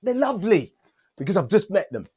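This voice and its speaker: A man's voice: high voice, very animated, fairly quick, warm tone, slightly rough. A man hosting an interview over a video call, joking, rambling and laughing often. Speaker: interview host. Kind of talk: casual interview.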